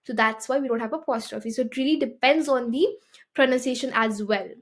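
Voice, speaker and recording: A woman with a slightly high voice teaches a beginner French lesson. She explains step by step and keeps checking in with her listeners. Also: fairly quick. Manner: explanatory, often checks with "okay?".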